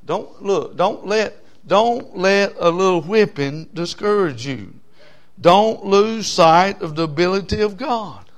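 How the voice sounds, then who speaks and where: A middle-aged man preaching a sermon. He calls out to his congregation for amens and swings between loud and soft delivery. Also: sits high, lively intonation, slow.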